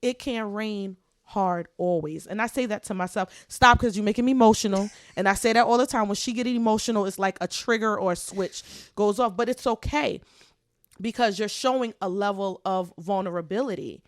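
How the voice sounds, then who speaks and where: A woman co-hosting a podcast in heartfelt, casual chat, talking expressively and getting loud when she preaches. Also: mid-range voice, moderate pace, dry recording, studio quality. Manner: expressive, preachy, animated swings in loudness. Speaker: podcast co-host.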